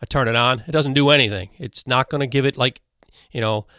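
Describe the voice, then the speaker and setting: A man at mid pitch gives a laid-back walkthrough of a mixing desk, full of fillers and little chuckles. He is recorded close on a condenser mic with a very dry, deadened sound. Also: fairly quick, pushed and bright, dry recording. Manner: loose, conversational, full of fillers and little laughs. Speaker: audio engineering instructor. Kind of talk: casual hands-on tutorial. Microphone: studio condenser mic through a mixer.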